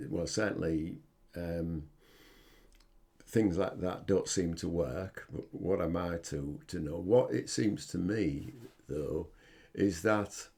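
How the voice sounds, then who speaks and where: Gravelly, low-voiced older man. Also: dark tone. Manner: earnest, halting storytelling. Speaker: podcast host. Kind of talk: personal reflective monologue.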